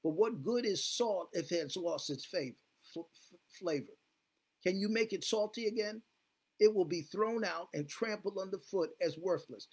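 A pastor with a high, husky male voice preaches at a moderate pace. Fervent, he leads his congregation in call-and-response, repeating "glory be to God, hallelujah."

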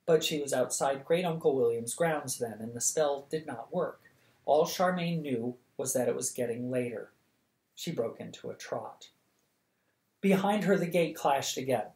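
A reader narrating a novel for bedtime at a steady, lively pace. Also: medium pitch, a little slow. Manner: steady, lively, acts out the dialogue. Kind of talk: audiobook reading of a novel. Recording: echoey room.

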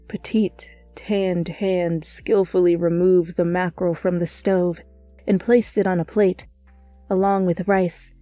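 A woman narrating a fanfiction reading as a whispered role-play, in hushed, deliberate storytelling. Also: lowish voice, no echo. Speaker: fanfiction reader.

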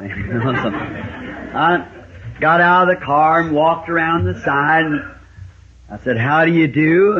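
A man from the States, preaching and telling a folksy hunting story, with sudden high exclamations. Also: slight background noise. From Southern United States. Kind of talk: storytelling sermon. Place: church meeting with a congregation. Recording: lo-fi 1960s live sermon tape.

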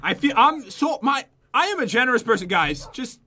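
A man hosting a Minecraft let's-play, talking to viewers in an energetic, upbeat way. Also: very high voice, brisk. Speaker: gaming video host.

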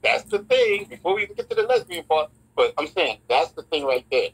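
A man, co-hosting a casual talk show, animated and speaking in quick bursts. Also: fairly high pitch, husky, rough recording. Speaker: podcast co-host. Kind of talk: casual chat.

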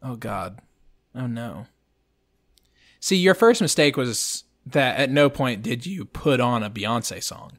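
A man's voice: medium pitch, lively intonation, slow, fairly bright tone. A man co-hosting a podcast, chatting casually in a rambling, jokey way. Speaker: podcast co-host. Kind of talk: casual chat.

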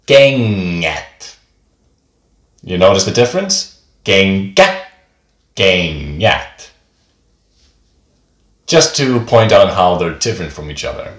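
A man's voice: fairly low pitch, a bit bright. A man teaching a beginner pronunciation lesson, speaking patiently and repeating each example word twice. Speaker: language teacher. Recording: echoey room.

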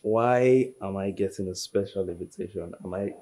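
A man's voice: low-pitched, moderate pace, mellow. A young man playing a surprised, hesitant teen boy who stumbles over his words.

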